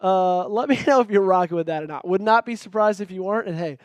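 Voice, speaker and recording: A man's voice: high voice, fast talker, no echo. A young man hosting a live stream, chatting casually and upbeat as he reads out and greets viewers.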